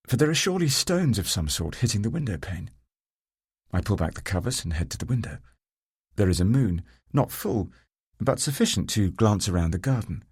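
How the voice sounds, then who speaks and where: A male audiobook narrator with a low, slightly husky voice. He reads a first-person story at a measured, calm pace, recorded dry and close to the mic. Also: no echo.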